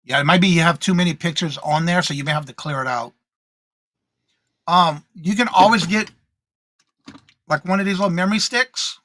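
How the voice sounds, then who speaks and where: Recorded close and dry, a man with a bright, slightly high voice co-hosts a morning live stream. In an upbeat tone he chats casually, reads viewer comments out loud and greets every viewer by name using the same welcome. He talks at a normal speed and pauses often.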